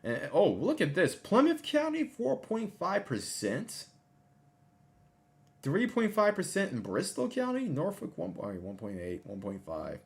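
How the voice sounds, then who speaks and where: A man hosting a casual livestream, talking over a map and reading out numbers, excitable and often repeating himself. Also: high-pitched, a little slow, gravelly. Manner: excitable, exclamatory, repeats phrases. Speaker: livestream host.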